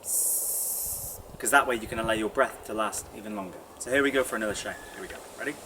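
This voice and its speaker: A young man leading a guided vocal warm-up, chatty and encouraging. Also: fairly low pitch, racing. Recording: distant mic with audible noise.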